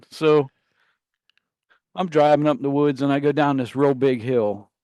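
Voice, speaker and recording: A man, co-hosting a radio show, tells a rambling, profane story and acts out his yelling relatives. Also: mid-range voice, moderate pace, no echo, clean studio sound. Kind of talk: casual storytelling banter. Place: radio studio.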